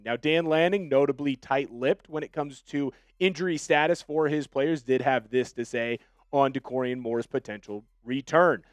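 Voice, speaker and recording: A man hosting a sports show, giving emphatic, animated commentary and talking straight to his viewers. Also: medium pitch, clear, resonant tone, no echo.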